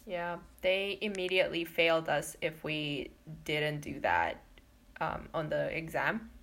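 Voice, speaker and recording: Calm, low-voiced woman explaining things. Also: creaky. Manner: calm, explanatory, a little halting. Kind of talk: casual chat.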